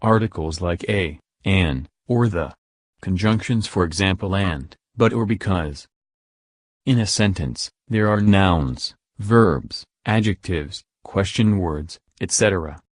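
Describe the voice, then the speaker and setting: Male teacher, lowish voice, deliberate lesson narration, dry recording. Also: dry recording. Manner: slow, deliberate word-by-word emphasis on examples. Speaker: English teacher.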